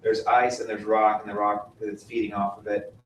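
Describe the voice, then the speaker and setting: A man's voice: on the low side, level tone, normal speed. A man giving a classroom lecture on glaciers, quizzing the class and explaining patiently. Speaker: mountaineering instructor. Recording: roomy, distant mic with faint noise.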